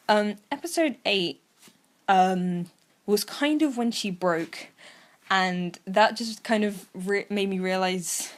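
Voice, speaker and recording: A woman's voice: mid-range voice, slow pace. A young woman co-hosting a podcast, chatting casually with lots of fillers and acted-out quotes. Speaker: podcast co-host. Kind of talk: casual chat.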